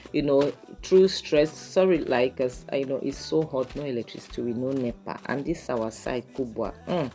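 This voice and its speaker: A young woman with a Nigerian accent talks casually to her viewers as she recaps and judges a drama episode. Her voice sits low, and she leans on filler phrases as she goes. Faint music plays in the background. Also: a little mellow. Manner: chatty, lots of "you know" and "to her it was more like". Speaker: vlogger reviewing a series. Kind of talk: casual video commentary.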